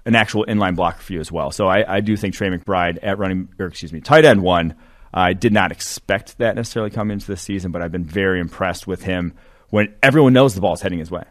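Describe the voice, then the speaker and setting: Deep-voiced man analyzing football prospects. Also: quick pace. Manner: rambling, filler-heavy analysis. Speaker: co-host. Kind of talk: casual sports podcast chat.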